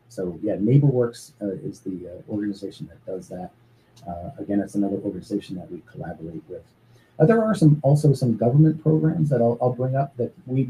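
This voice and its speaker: A man talking earnestly as an interview guest about his charity's work, pausing often with fillers and restarts. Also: fairly low pitch, mellow, slight background noise, low-quality recording. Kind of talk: casual interview talk.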